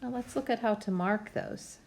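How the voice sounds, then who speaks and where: A woman's voice: medium pitch, creaky, a little mellow. A woman teacher giving a patient, step-by-step phonics lesson to young students from home. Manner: slow, patient, step-by-step instruction.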